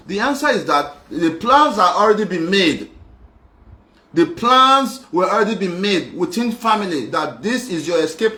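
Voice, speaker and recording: On a live show, a young adult man delivers an emotional personal monologue, insistent, repetitive and emphatic. His voice is high and sharp, heard in an echoey room.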